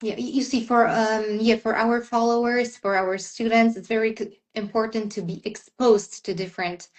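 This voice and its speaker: A woman with a somewhat high voice, interviewing in a relaxed chat. She chimes in eagerly and often, with frequent mm-hmms and yeahs. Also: moderate pace. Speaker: English teacher, interviewer. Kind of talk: casual conversation.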